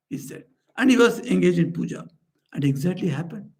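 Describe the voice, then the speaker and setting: In a society house room, a swami delivers a storytelling sermon in a higher voice with grit and vocal fry, his tone darkish. He speaks briskly and expressively, earnestly recounting parables and lifting his pitch when quoting characters.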